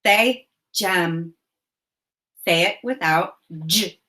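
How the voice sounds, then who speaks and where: A woman teacher leading a phonics lesson for young children, speaking clearly and encouragingly. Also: fairly low pitch, pushed and bright. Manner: slow, clear, encouraging enunciation.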